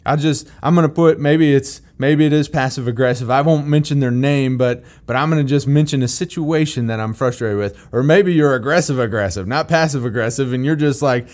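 Man, mid-pitched, plain-spoken Bible teacher, emphatic, repeats key phrases. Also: brisk, hardly any pauses, a little mellow.

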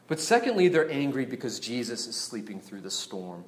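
In an echoey room, a male pastor delivers a sermon at a moderate pace in a mid-range voice. He keeps it chatty and animated, frequently asking the congregation rhetorical questions.

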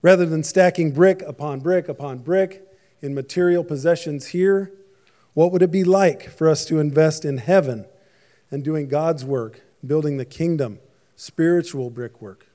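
A man's voice: fairly high pitch, normal speed, warm tone. A man preaching a sermon in a conversational, joking way, with frequent asides to the congregation. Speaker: pastor.

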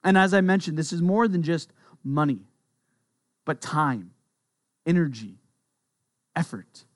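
A pastor giving a sermon in an earnest, conversational way, with quick asides. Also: male voice, a little high, lively intonation, dry recording, clean studio sound.

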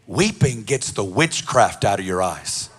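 A man voicing a blunt, cryptic male seer who speaks low, hushed and deliberate. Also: very animated, slightly rough, exaggerated voice.

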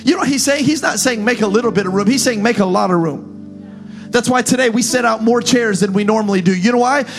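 A man preaching a sermon as pastor, talking the crowd through points and rising into fervent, shouted calls. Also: extremely high pitch, brisk, faint music behind.

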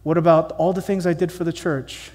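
A man's voice: a little high, level tone, a little fast, a little mellow, long reverb tail, lightly acted. A man voicing a learned, middle-aged religious teacher who asks incredulous, sarcastic questions.

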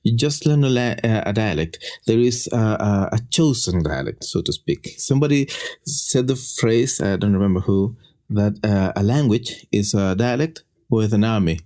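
Chilean man, native Spanish speaker, podcast guest; mellow voice, animated explainer. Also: normal speed. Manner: explanatory, with lively pitch jumps. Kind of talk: conversational podcast chat.

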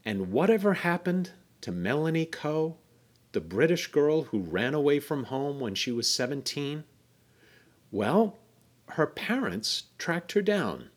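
Man, podcast host, reading his script with a wry, explanatory manner and a lively voice. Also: fairly high pitch, measured pace, slightly rough.

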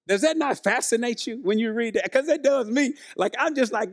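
Casting: male preacher, high voice, chatty sermon, keeps asking the room questions. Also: animated, brisk, few pauses. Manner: conversational, questions the congregation, acts out quotes.

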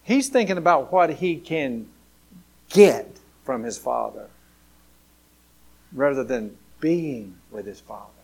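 A man, a pastor, delivering an earnest sermon straight to his listeners, shifting from hushed, slow lines to loud, excited ones. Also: medium pitch, slightly rough. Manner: dramatic preaching, swinging from hushed to loud; earnest and direct, addressing listeners.

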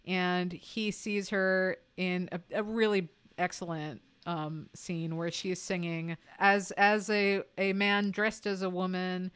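A woman with a smooth, clear voice talks about a film on a podcast. She is enthusiastic, with plenty of fillers and quick asides. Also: fairly low pitch, little pitch movement, a bit bright. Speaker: podcast co-host. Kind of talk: casual film-review chat.

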